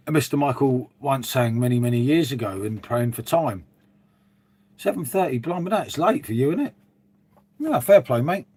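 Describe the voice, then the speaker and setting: Middle-aged bloke, casual stream host, chatty and rambling, keeps saying mate. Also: male voice, medium pitch, darkish tone, slightly rough. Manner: chatty, rambling, says "mate" a lot, reads and answers viewers. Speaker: livestream host. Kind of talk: casual live-stream chat. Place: dim room at home.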